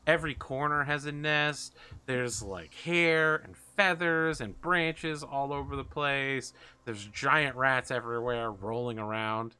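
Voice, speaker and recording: Guy game-mastering, bright voice, casual and jokey, swears a bit. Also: mid-range voice, takes it slowly, smooth. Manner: casual, swearing, laughs at own jokes. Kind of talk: narrating a tabletop game.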